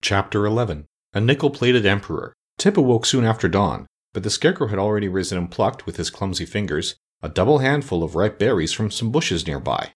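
A man reading a classic children's novel aloud as an audiobook narrator, measured and expressive. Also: fairly low pitch, breathy edge. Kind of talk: scripted storybook narration.

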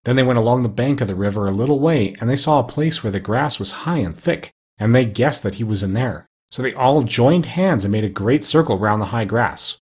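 A man narrating a children's storybook aloud in an expressive, measured reading. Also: mid-range voice, husky.

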